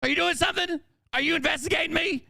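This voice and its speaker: Man putting on a whiny panicky woman, squeaky high pitch, hurried stammering questions. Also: creaky, bright, forceful tone, no room sound, studio quality, heavily acted. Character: panicky, whiny adult woman being mocked.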